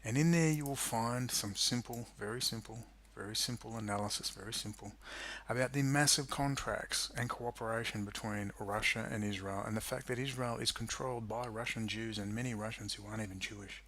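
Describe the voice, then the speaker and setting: A man's voice: on the low side, a little fast, hardly any pauses, a bit bright, a little hiss or hum. A man delivering an angry, sarcastic political rant to camera, swearing freely. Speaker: political commentary youtuber. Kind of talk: ranting monologue to camera.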